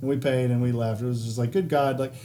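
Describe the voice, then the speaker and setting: Speaking quickly in a mid-range voice, a man co-hosting a podcast spins an animated anecdote. It's casual and heavy on swearing, and he slips into quoted voices as he goes.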